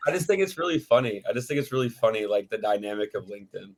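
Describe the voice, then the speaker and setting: A man's voice: fairly low pitch, expressive, very fast. A man talking casually as a podcast guest, rambling with many fillers. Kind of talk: casual chat.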